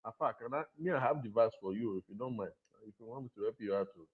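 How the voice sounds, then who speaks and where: A male caller on a live stream, speaking in halting, repetitive phrases over a call line. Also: medium pitch, husky, phone-quality sound.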